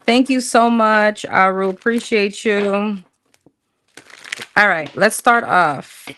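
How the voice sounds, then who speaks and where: A woman's voice: medium pitch, takes it slowly, a bit bright, slight background noise. A woman casually chatting through a livestream tarot reading, slangy, thinking aloud as she pulls cards. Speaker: tarot reader.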